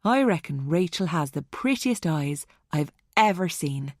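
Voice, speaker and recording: A woman voicing a gentle, calm teenage boy who talks in a reassuring way. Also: low voice, unhurried, dry recording, clean studio sound.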